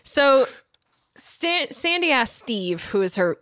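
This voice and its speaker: A woman co-hosting a podcast in casual chat, recapping a plot in detail with quick asides. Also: high-pitched, big pitch swings, fairly bright tone, no room sound, studio quality. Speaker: podcast co-host.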